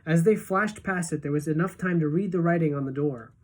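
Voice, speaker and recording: A woman teacher reading a children's novel aloud to her class in a steady, even storytelling voice. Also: deep voice, brisk.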